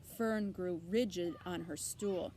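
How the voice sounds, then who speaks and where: A woman's voice: on the low side, takes it slowly, warm tone, a little hiss or hum. A woman teacher reading a children's novel aloud expressively, with asides to her listeners.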